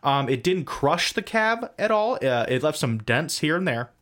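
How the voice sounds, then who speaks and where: A man co-hosting a casual podcast livestream, rambling through details with self-deprecating asides and quick jokes. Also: on the high side, sing-song, a bit bright. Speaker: podcast co-host.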